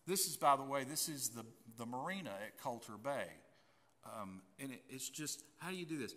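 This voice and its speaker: Folksy pastor in a reverberant church. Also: male voice, mid-range voice, lively intonation, normal speed, sharp tone. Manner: folksy and conversational, with frequent restarts. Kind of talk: sermon. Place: church sanctuary. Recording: long church hall reverb.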